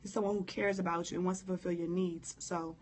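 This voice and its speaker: A hoarse woman who coughs now and then, giving a candid, informal live-stream talk on prayer and speaking straight to her viewers. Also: lowish voice, little pitch movement, fast talker, a little mellow. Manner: candid, informal, preacherly direct address. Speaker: motivational speaker.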